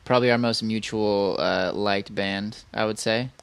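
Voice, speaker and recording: A man's voice: lowish voice, steady tone, a little slow, gravelly, clean tone, no room sound. A man co-hosting a podcast in casual chat, rambling with many fillers and restarts. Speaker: podcast co-host.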